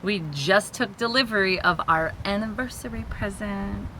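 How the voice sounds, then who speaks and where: A woman hosting a vlog, giving an excited, giggly tour of a small sailboat she is aboard. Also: medium pitch, moderate pace, a little hiss or hum. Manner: excited, giggly, with frequent laughs. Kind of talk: casual tour walkthrough.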